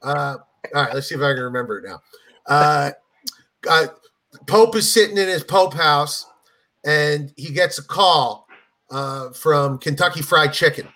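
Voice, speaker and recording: A man's voice: on the high side, unhurried. A middle-aged man, a comedian guest, telling an anecdote in casual chat and acting out voices as he goes. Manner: animated storyteller, acts out voices in anecdotes.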